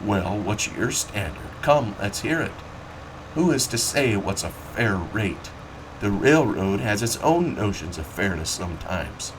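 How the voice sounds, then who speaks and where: A man's voice: fairly low pitch, very animated, a little slow, background noise. A man reading aloud, voicing an angry, outspoken man who argues heatedly about railroad rates. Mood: indignant. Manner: heated, emphatic.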